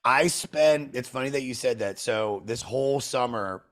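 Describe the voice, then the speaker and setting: A man's voice: medium pitch, normal speed. A man hosting a podcast in a casual chat. He laughs easily and talks in a loose, friendly way. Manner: chatty, laughs easily, says "dude". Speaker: podcast host.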